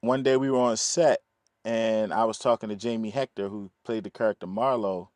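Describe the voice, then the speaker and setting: Man from telling lively stories. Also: on the low side, moderate pace, no echo, studio quality. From East Baltimore, USA. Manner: animated, acts out quoted voices, laughs often. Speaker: film producer, guest. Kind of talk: casual interview storytelling.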